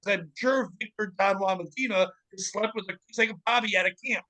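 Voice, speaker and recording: A man's voice: high-pitched, fast, pushed and bright, low-quality recording. A man hosting a casual comedy podcast, reading news stories aloud with laughter and acting out the people in them.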